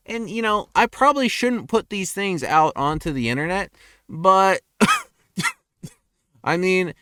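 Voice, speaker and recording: Young man, casual rant, crude, self-mocking, fairly high pitch, dry close sound. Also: animated, normal speed, bright, forceful tone, no echo. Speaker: vlogger. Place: car in a parking lot at night.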